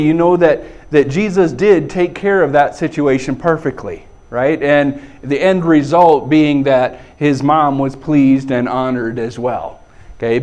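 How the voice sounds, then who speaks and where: A man's voice: a little high, a little mellow. A middle-aged man preaching a sermon in a conversational way, chuckling often and checking in with the congregation. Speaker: pastor.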